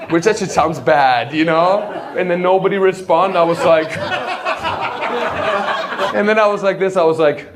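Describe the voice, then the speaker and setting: A man's voice: a little high, fast talker. A man doing brash, swearing stand-up crowd work on a club stage, speaking into a handheld mic. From Germany. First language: German. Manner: brash, swearing, mock-shouting in German. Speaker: stand-up comedian. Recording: loud crowd laughter around the voice.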